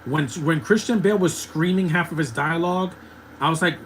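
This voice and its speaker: A man's voice: on the high side, brisk, a bit bright, slight background noise, poor audio. A man in his thirties giving opinionated, ranting live commentary while watching a movie, laughing often. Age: 30s.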